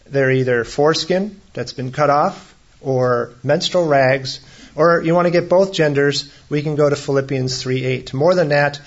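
A man's voice: a little high, unhurried. Conversational male preacher, slightly muffled. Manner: conversational preaching with humorous asides. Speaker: pastor. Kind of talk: sermon.

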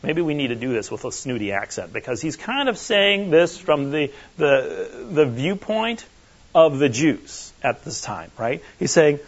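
Animated high-voiced male preacher, muffled audio. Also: a little slow. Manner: animated, emphatic, checks in with the audience. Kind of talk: conversational sermon teaching. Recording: muffled lo-fi recording.

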